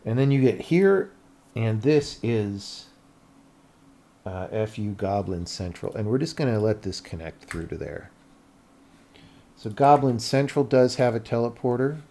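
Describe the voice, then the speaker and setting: A man's voice: on the low side, lively intonation, a little slow, pauses often, mellow. A man streaming as he builds a game level, talking to himself in a casual, thinking-aloud way with mumbled asides. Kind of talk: casual livestream commentary while working.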